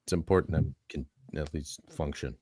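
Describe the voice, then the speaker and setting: A man's voice: extremely low pitch, steady tone, normal speed, dark tone, no room sound, clean studio sound. A man hosting a live-stream talk show, reading a statement aloud in an earnest way and adding his own asides. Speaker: podcast host.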